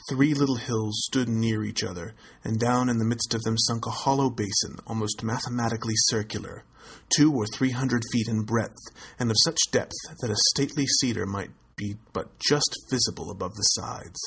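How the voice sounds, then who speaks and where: A man narrating a classic tale aloud in a measured, steady storytelling manner. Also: on the low side, vocal fry, breathy edge, low-quality recording. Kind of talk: audiobook reading of a classic tale.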